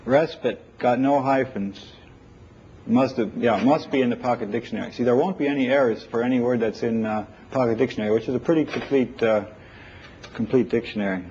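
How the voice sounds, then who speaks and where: A man's voice: mid-range voice, brisk, a little mellow, a little hiss or hum. A man giving a live technical lecture, thinking aloud and taking questions from the audience, on an old 1980s lecture recording. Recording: dull lo-fi 1980s lecture tape.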